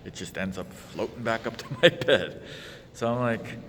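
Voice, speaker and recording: A man's voice: lowish voice, normal speed, fairly bright tone. Man, exasperated storyteller, casual vlog, roomy echo, faint background noise. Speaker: vlogger.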